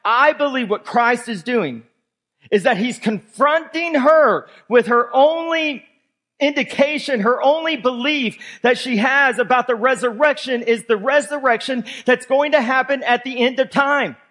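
High-voiced man preaching a sermon. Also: a little slow, fairly bright tone. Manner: emphatic, walks listeners through verses. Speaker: pastor. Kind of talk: sermon with scripture reading.

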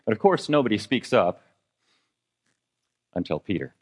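Male pastor, conversational sermon delivery, engages the congregation, rises and drops in pitch. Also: very animated, moderate pace. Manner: conversational preaching with congregation questions; fillers and restarts, dynamic pitch and volume.

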